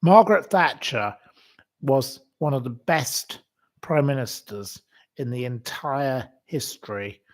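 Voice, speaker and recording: A man from England hosting a casual livestream, ranting indignantly with theatrical swings between loud outbursts and quiet asides, full of fillers. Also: mid-range voice. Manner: slow, drawn-out delivery with many fillers. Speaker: livestream host. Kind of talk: casual political rant to viewers.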